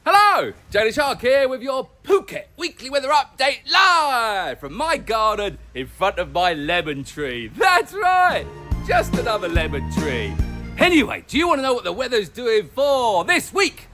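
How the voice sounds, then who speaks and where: Man, jokey vlog host, animated, bright tone, outdoors in a garden. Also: extremely high pitch, a little slow, soft background music. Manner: playful, jokey, talks to the viewer. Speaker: weather update host.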